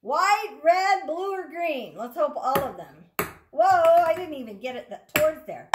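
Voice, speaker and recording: A woman's voice: high-pitched, big pitch swings, a little slow, background noise. A woman speech therapist giving a lesson to young children, stretching out practice words in a sing-song, child-directed way. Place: at home with her dog nearby. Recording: echoey room.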